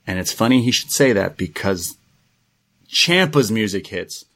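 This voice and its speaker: A man co-hosting a podcast, recapping events in a relaxed, rambling play-by-play with plenty of fillers. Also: on the low side, measured pace. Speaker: podcast co-host. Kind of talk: casual recap chat.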